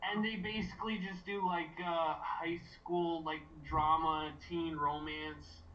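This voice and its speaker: A man's voice: fairly high pitch, flat delivery, slow pace, pushed and bright, recorded from a distance, dull audio, slight background noise. A man hosting a casual watch-party chat, rambling with many fillers. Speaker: podcast host.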